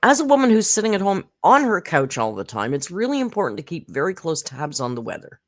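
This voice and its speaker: Snarky, animated woman commentator. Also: fairly low pitch, fast talker. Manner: snarky, profane, rambling with fillers. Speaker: commentary channel host. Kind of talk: casual live reaction commentary. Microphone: close desk mic.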